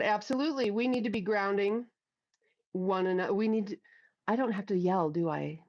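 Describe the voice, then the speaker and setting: A woman's voice: medium pitch, brisk, darkish tone. Middle-aged woman on a headset livestream, blunt, swears a lot, kinda muffled lo-fi sound. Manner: blunt, profane, chatty, reads out viewer comments. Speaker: livestream host. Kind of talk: casual live chat. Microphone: headphones with mic.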